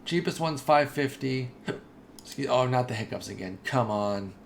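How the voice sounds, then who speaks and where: A man giving casual, chatty commentary over his own game playthrough, excitable and talking straight to his viewers. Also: mid-range voice, moderate pace, creaky, slight background noise. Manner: chatty and excitable, says dude and y'all. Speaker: gaming video host.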